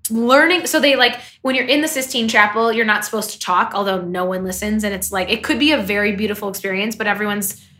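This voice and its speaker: Bright, giggly young woman chatting. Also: medium pitch, fast. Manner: chatty, giggly, rambling with fillers. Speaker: podcast co-host. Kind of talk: casual chat.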